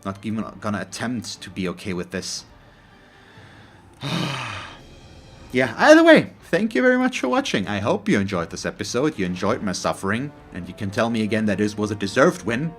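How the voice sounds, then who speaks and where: A man's voice: lowish voice, wildly swooping pitch, normal speed, faint music behind. A man commentating his own game as host of a let's play, talking in a frustrated, openly salty way with frequent sighs. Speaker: gaming channel host.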